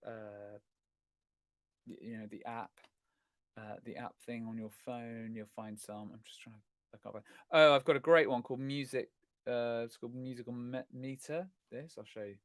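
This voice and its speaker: Male host, middle-aged, casual rambling live-chat delivery, mid-pitched, close and dry. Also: fairly even intonation, moderate pace, no echo. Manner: chatty, rambling, self-correcting, self-deprecating. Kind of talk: casual chat answering viewer questions.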